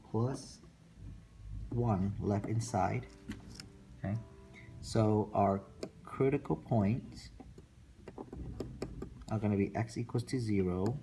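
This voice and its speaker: A man teaching a math lesson, calmly repeating each step while he sketches a graph. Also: lowish voice, a little hiss or hum. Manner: slow, repetitive, talking through steps while sketching. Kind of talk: classroom lecture recorded for students.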